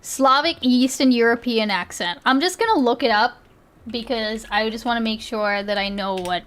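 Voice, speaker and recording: A woman streamer talks casually as she reacts to clips. Her voice sits high. She rambles as she thinks aloud, with lots of fillers and easy giggles. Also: moderate pace, a bit bright. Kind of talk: casual live-stream commentary.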